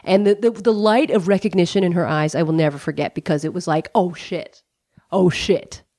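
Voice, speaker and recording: A woman's voice: fairly low pitch, fairly even intonation, fast, mellow, dry recording, studio quality. A middle-aged American woman telling a personal story, candid and profane, with lots of "like" and "you know". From United States. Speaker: comedian guest.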